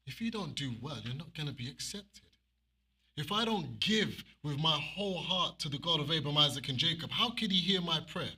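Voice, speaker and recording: A man preaching an animated sermon and reading scripture aloud, with emphatic repeated phrases. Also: a little high, a little fast, breathy edge.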